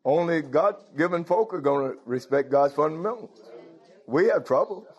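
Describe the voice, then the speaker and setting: A man's voice: on the high side, expressive, moderate pace, husky, muffled recording. A man preaching a sermon, breaking in with "Hallelujah" and "Thank you, Lord" and putting questions straight to his congregation. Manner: calls out to the congregation directly.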